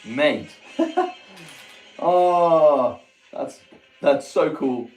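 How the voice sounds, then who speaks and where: A man hosting a casual livestream who reacts excitedly to viewers' messages and pictures, laughing often and exclaiming. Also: fairly high pitch, very slow. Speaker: livestream host. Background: faint music.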